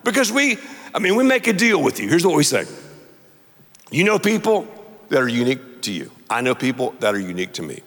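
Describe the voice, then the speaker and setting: Emphatic pastor in a big hall. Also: male voice, on the high side, big pitch swings, brisk, a bit bright. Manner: emphatic, repeats words for effect. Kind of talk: sermon. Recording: long hall reverb.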